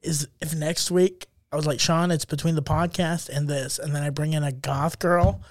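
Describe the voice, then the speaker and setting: High-voiced teasing man on podcast. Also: fairly even intonation, normal speed, no room sound. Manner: teasing, laughs often. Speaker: podcast co-host. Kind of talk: casual chat.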